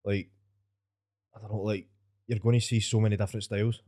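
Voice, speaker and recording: A man's voice: on the low side, level tone, a little fast, dark tone. A man with a Scottish accent hosting a podcast in a studio, telling rambling, self-mocking stories with plenty of swearing. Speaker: podcast host. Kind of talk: casual podcast banter.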